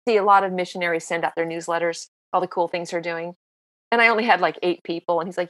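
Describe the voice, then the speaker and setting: A woman in her sixties, a podcast guest telling stories in a casual, lively, self-mocking way. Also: on the low side, quick pace, no room sound. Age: 60s. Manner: lively, self-mocking storyteller who acts out dialogue. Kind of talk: casual interview storytelling.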